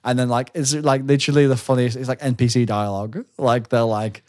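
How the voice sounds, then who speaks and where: A man on a podcast, recounting a game weekend in casual chat, lively and laughing often. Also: medium pitch, fairly quick. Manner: animated storyteller, breaks into laughter and silly voices. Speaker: podcast co-host.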